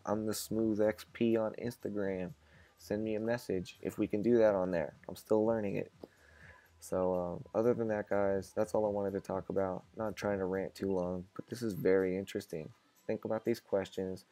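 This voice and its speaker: Male vlog host, casual monologue, mellow dark tone, rhetorical questions. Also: lowish voice, creaky, no room sound. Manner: musing, asks rhetorical questions.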